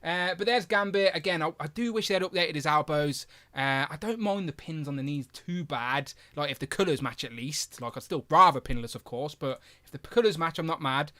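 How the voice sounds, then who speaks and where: Guy hosting a toy stream, bright forceful voice, kinda high, chatty and excited. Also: moderate pace, hardly any pauses. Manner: chatty and enthusiastic, with frequent fillers; animated, with big jumps in loudness. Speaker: host of a toy review live stream. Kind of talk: casual live-stream chat.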